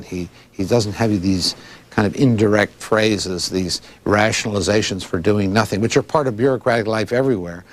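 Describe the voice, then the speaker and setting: A man in his sixties from Philadelphia, giving long, thoughtful and digressive interview answers as a librarian, with frequent restarts. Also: fairly low pitch. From Philadelphia, United States. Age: 60s.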